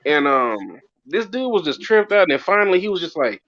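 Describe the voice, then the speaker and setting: A man as a guest in a casual late-night chat, telling stories in slangy, animated talk. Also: on the high side, fairly quick, muffled recording.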